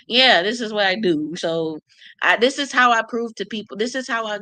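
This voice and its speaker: A woman's voice: on the high side, moderate pace, pushed and bright, dry recording. Brash, profane woman on a livestream. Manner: blunt, profane, brash, talks back to commenters. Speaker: channel host reading live comments. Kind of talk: casual livestream chat.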